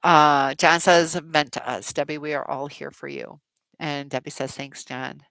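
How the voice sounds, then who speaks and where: A middle-aged woman hosts a live chat stream and answers viewers in a loose, rambling way, full of fillers and encouragement. Her voice has a gravelly fry and a bright, forceful edge. The sound is dry and close, with no room around it. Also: deep voice, steady tone, unhurried, no echo. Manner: rambling, many fillers, supportive.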